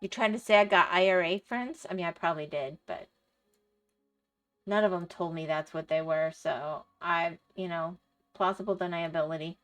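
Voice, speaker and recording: A woman's voice: lowish voice, moderate pace, a bit bright, faint music behind. A middle-aged woman livestreaming, chatting casually and rambling through stories, laughing often and answering her chat. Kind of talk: casual chat while gaming.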